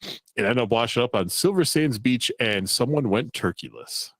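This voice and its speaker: Animated, profane male talk show host. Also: mid-range voice, moderate pace, no room sound. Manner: loose and profane, laughs at the stories. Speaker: podcast host. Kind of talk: casual talk show, reading news stories aloud.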